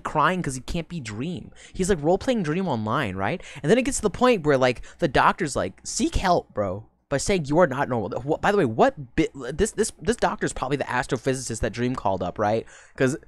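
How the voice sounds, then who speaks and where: A young woman streamer giving profane, mocking reaction commentary, with loud bursts of laughter and sudden shouting. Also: sits low, no room sound.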